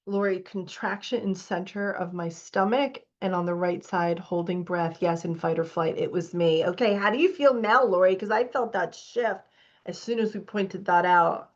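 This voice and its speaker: A woman's voice: fairly low pitch, moderate pace, dull audio. A woman as a spiritual coach leading a live online masterclass, reading out participants' comments and urging them on emphatically.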